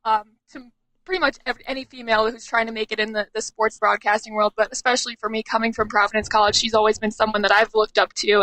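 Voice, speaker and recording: A young woman in her twenties, a sports team reporter, talking upbeat and quickly with fillers and restarts in a remote podcast interview. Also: on the high side, a bit bright, no echo, poor audio. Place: remote, away from the studio.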